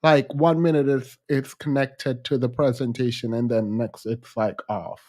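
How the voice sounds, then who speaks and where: A rumbling low, mellow voice with fairly even intonation belongs to a Jamaican woman with a Jamaican accent. She hosts reaction commentary, bluntly and pointedly dissecting a played clip and laughing quickly.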